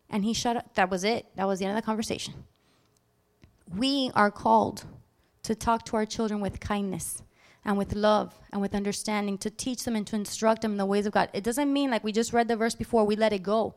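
A woman preaching a sermon in a lively, animated way, acting out little scenes sudden loud outbursts. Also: medium pitch, fairly quick.

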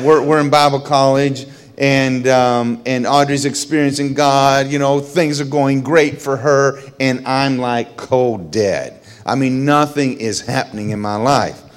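A middle-aged man sharing a personal testimony. He tells the story with lots of energy, his voice jumping high when excited and falling low and quiet in the solemn parts.

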